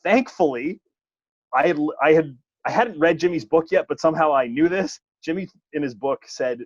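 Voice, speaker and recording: Speaking at normal speed in a fairly high voice, a wrestling referee tells a humorous tale in relaxed podcast chat. He's animated and pokes fun at himself throughout. It's dull, dry, lo-fi podcast audio.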